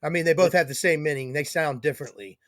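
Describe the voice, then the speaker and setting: A man's voice: a little high, quick pace, no echo, clean studio sound. A man hosting a casual chat, joking around and swearing freely. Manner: profane, joking.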